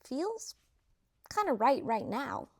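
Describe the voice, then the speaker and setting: Girl quoting some pushy young dude pressing for a kiss, insistent, slightly high voice. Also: sing-song, slow, exaggerated voice.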